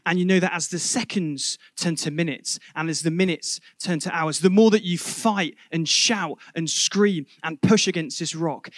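A man preaching a sermon, telling a vivid story that swells loud and drops to a hush. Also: a little high, no echo, studio quality. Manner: vivid storytelling, building to loud climaxes then dropping to a hush.

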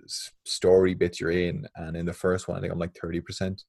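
Brief: man, very low, husky voice, laid-back rambling chat, dry close sound. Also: completely flat delivery, fairly quick, darkish tone, dry recording. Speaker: podcast co-host. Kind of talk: casual chat.

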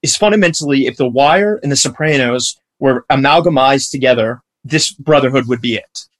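A man's voice: mid-range voice, moderate pace. A man hosting an interview, asking questions in an eager, affirming way. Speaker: interviewer, host. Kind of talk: casual interview chat.

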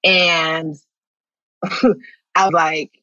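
A woman guest in an interview, telling stories in a lively way, acting out what people said and laughing often. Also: deep voice, drawn-out words, no echo, muffled recording. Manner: animated storytelling, acts out quotes, laughs often. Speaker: actress guest. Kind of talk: casual interview chat.

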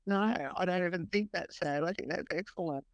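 A woman's voice: on the low side, a little fast, gravelly, no room sound. A woman guest on a podcast interview, speaking bluntly and matter-of-factly and laughing at herself. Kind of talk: casual interview chat.

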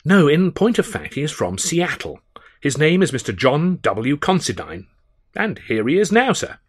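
A man reading an audiobook, voicing a formal, unflappable butler with measured, deferential precision. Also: fairly high pitch, sing-song, breathy edge, pitched above the performer's own voice. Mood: measured, polite. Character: formal, unflappable male English butler, middle-aged.

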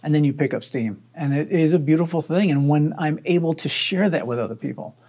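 A man's voice: fairly high pitch, fairly quick, a little mellow, breathy edge. A man who is a veteran, telling his personal story in an interview in an earnest, upbeat way. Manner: earnest, upbeat, acts out his own inner voice.

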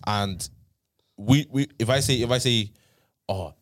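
A man hosting a podcast, debating in an animated way and repeating words when he presses a point. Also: medium pitch, normal speed, no echo. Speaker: podcast host.

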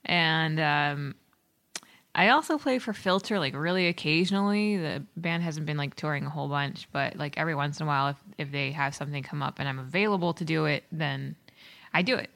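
A woman's voice: low voice, a little fast, vocal fry, fairly bright tone. A woman guest musician answering interview questions casually, rambling with many fillers.

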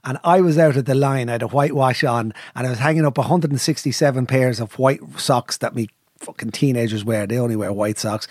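A man's voice: medium pitch, brisk, darkish tone, dry recording, clean studio sound. An Irish man co-hosting a podcast, telling rambling, jokey stories in a casual chat.

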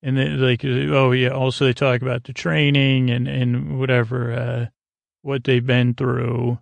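Male podcast host, casual recapper, gravelly tone, filler-heavy rambling delivery, dry close sound. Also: mid-range voice, flat delivery, unhurried, no echo. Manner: rambling, filler-heavy, paraphrases scenes loosely.

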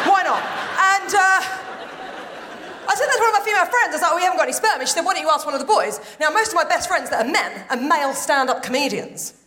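A woman's voice: very high-pitched, sharp tone, a little hiss or hum. A woman comedian doing a chatty, self-mocking stand-up set on a theatre stage. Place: theatre stage with live audience. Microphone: stage microphone. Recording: roomy live theatre sound with crowd.

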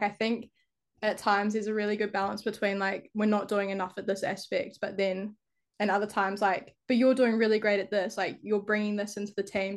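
A young woman with a New Zealand accent, a football player talking casually as a guest, laughing often and filling her talk with "like". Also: mid-range voice. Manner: laughs often, heavy use of "like". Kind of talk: casual interview chat.

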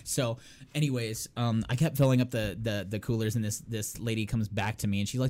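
A young man, a podcast co-host, telling a story in casual chat, animated and laughing as he acts out what people said. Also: mid-range voice, fast talker.

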